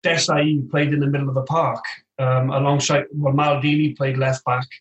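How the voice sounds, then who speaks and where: A man as an interview guest, telling football anecdotes in an animated way and acting out other voices, recorded remotely. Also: medium pitch, normal speed, muffled recording. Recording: roomy echo, distant from the mic.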